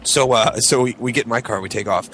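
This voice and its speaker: A man's voice: fast talker, a little hiss or hum. A man telling a long story on a podcast, acting out his friends' lines. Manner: animated, acts out quoted friends in high voices. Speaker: podcast co-host. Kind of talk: casual storytelling.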